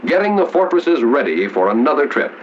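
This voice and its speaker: A man narrating a 1940s wartime documentary in a measured, formal announcer style. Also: a little high, very animated, a little hiss or hum. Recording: dull 1940s film soundtrack with music.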